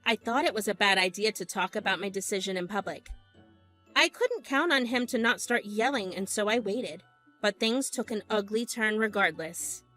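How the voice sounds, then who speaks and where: A woman's voice: mid-range voice, moderate pace, pushed and bright, soft background music. A young woman narrating a family story with an exasperated storytelling manner.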